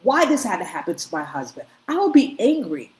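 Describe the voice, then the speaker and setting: Very animated and fairly quick, a woman with a medium-pitched, darkish voice gives opinionated commentary on video clips. She repeats herself and speaks emphatically in short, restarting bursts. The recording quality is low.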